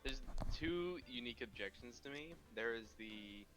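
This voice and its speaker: A man's voice: mid-range voice, lively intonation, normal speed, rough recording. A man chatting casually while playing a game together, joking and reading lines aloud. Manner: playful, reads game lines in character voices. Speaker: co-player voicing game characters. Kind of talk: casual let's-play chat.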